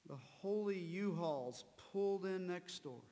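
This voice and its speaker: A man preaching a sermon, slow and deliberate, repeating key words for emphasis. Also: high voice, animated, dark tone, long reverb tail. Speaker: pastor.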